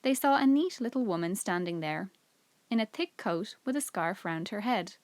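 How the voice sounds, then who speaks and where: A teacher reading a children's book aloud in clear, even storytelling. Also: female voice, mid-range voice, normal speed, dry recording.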